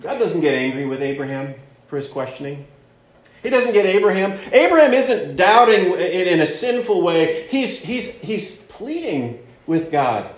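A man's voice: sits high, very animated, a little slow. A man preaching a sermon that teaches through a Bible passage, earnest, repeating words and leaning on fillers as he explains. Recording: roomy echo.

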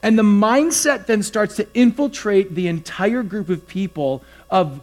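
A man's voice: sits high, a little slow, few pauses. A man preaching a sermon as a pastor, in a conversational, storytelling manner. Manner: conversational, animated storytelling with acted-out quotes.

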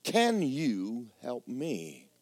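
A man voicing a small, lost young creature who pleads for help in a soft, halting voice while retelling a story in a sermon. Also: medium pitch, huge pitch swings, no echo, exaggerated voice. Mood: pleading.

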